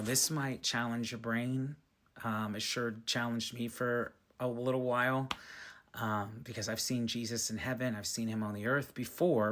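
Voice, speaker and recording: A man's voice: creaky, husky. Man animatedly telling a faith story. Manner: animated, acts out his own past lines in a higher voice. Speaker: Christian speaker sharing a testimony. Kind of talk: casual storytelling to viewers.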